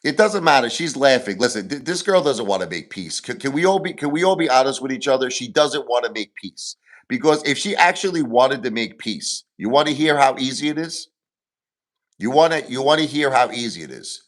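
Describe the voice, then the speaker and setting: A livestream host in full rant, repeating himself as he vents his grievances. His voice swings widely in pitch, rising and dropping as he presses each point. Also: animated, a little fast, a bit bright. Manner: agitated, repetitive, venting grievances.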